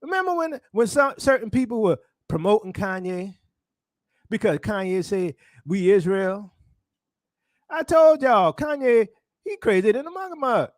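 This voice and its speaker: Emphatic high-voiced preacher man. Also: big pitch swings, moderate pace, dry recording, clean studio sound. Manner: emphatic, repetitive rhetorical questions. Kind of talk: street-style sermon commentary.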